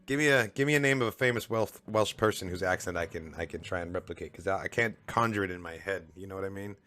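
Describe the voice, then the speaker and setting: A man's voice: sits low, fast, pushed and bright, soft background music. A man chatting casually on a live stream as he reads comics aloud, dropping "like" often.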